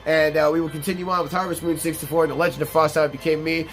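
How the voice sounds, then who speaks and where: A man hosting a let's play, telling a profane work story in an animated, casual way and acting out what people said. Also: a little high, fast talker, soft background music. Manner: animated, profane storyteller who acts out quotes. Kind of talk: storytelling over gameplay commentary.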